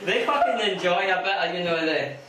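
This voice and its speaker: High-pitched scottish man, stand-up set, crude and stammering, far from the mic, very echoey, noisy room. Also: expressive, fairly quick, pushed and bright. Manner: crude, rambling, stammering delivery. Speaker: stand-up comedian. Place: comedy club stage. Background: audience laughter.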